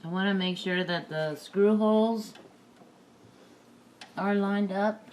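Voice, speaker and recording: A woman's voice: mid-range voice, slow pace, darkish tone, slight background noise. A woman vlogger at home, thinking aloud in a rambling, chuckling way while she repairs her computer. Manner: rambling, self-talking, chuckling. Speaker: crafting vlogger. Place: home room.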